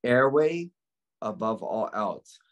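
A man's voice: fairly low pitch, very animated, takes it slowly, fairly bright tone, muffled recording. A man tutoring nursing students, drilling them in a lecture style with questions he asks and answers himself.

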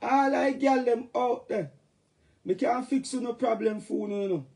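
A man's voice: extremely high pitch, unhurried, gravelly, darkish tone. A middle-aged man with a Jamaican accent, talking in patois on a casual, joking livestream rant.

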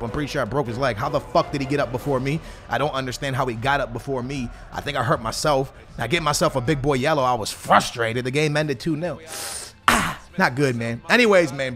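Excitable high-voiced young man commentating gameplay. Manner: excitable, slangy, swings between hype and grumbling. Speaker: gaming YouTuber.

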